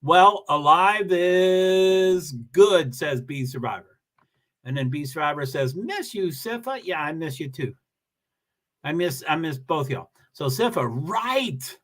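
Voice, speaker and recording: A man chats casually on his own livestream, rambling and self-deprecating as he greets viewers. His voice sits a little high and sounds bright and forward. He restarts sentences often as he talks. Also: big pitch swings, moderate pace, husky. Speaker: livestream host reading viewer comments.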